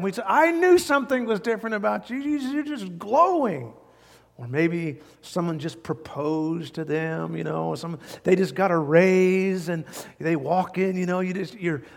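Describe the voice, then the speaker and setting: A man preaching a sermon in a church sanctuary, his voice sitting a little high for a man. He is animated and drawn out on the words he wants to land, and a long hall reverb trails behind every phrase. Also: vocal fry. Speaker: pastor.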